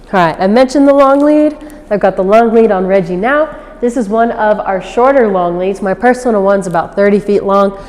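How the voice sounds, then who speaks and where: Woman dog trainer, mellow voice, patient teaching tone, some room reverb. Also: normal speed. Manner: explains patiently, then switches to high-pitched praise for the dog. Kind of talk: instructional demonstration. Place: outdoors.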